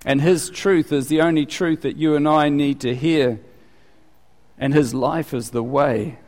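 Pastor preaching in an echoing hall. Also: male voice, unhurried. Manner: conversational, animated, rising in pitch for quoted questions. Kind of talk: sermon. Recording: long reverb of a large hall.

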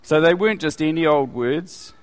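A man's voice: a little high, moderate pace. A man giving conversational Bible teaching as a preacher, often asking his listeners questions. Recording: reverberant hall.

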